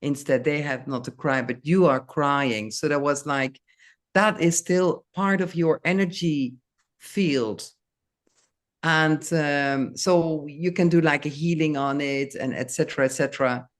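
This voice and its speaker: Slow, halting older woman. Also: low voice. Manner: slow, halting, many restarts. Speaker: guest. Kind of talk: casual interview.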